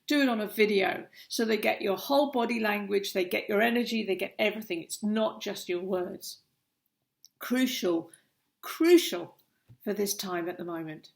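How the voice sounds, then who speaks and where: A woman's voice: mid-range voice, creaky. A middle-aged woman, a coach, giving earnest, emphatic advice straight to the viewer in a vlog. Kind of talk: direct-to-camera advice vlog.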